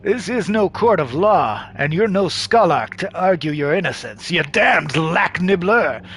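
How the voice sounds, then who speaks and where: A man's voice: high-pitched, expressive, measured pace, a bit bright, a little hiss or hum. A man voicing a menacing, violent man who drags out snarling threats.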